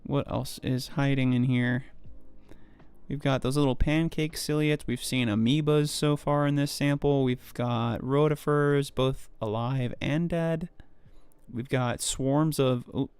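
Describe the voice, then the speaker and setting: A man's voice: mid-range voice, fairly even intonation, a little slow, darkish tone, clean tone, no room sound. A male streamer chatting loosely while he works at a microscope, rambling, swearing freely and toying with how words sound. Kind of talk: casual live-stream chat while looking through a microscope.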